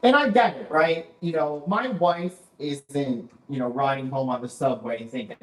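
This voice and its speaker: A man's voice: a little high, sing-song, moderate pace, few pauses. A man in his forties doing a dry stand-up set, often repeating "that's right" after a punchline. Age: 40s. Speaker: stand-up comedian. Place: basement comedy club. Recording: echoey club room.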